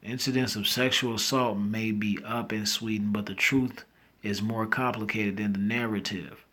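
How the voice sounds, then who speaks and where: A man hosting a casual news commentary, reading headlines aloud and breaking off into rambling, slangy asides and loud disbelief. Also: on the low side, fairly even intonation, normal speed. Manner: reads headlines then reacts with loud disbelief.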